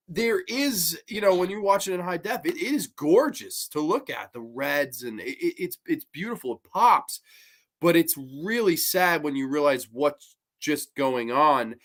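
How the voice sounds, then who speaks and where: A man's voice: on the high side, expressive, a little slow, pushed and bright. A man hosting a podcast in casual chat, earnest and emphatic, with frequent restarts. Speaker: podcast host.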